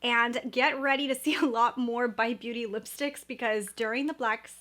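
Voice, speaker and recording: A woman's voice: a little high, fairly even intonation, moderate pace, sharp tone. A young woman chatting enthusiastically to camera as a beauty vlogger, recorded indoors at home on a camera mic, often repeating words for emphasis. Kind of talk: casual product review to camera.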